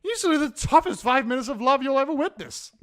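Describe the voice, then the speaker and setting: A man doing a boozy, loud-mouthed film snob of a dad, slurring his words and ranting at the top of a high voice. The pitch leaps and swoops as he lectures, sharp and animated throughout. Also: fast. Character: brash drunk middle-aged male film buff.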